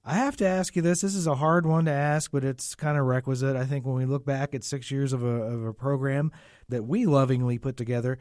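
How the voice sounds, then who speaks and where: A man's voice: medium pitch, fairly even intonation, fairly quick, darkish tone, no room sound, studio quality. A man interviewing a guest on the radio, asking earnest questions with a playful touch. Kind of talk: on-air interview.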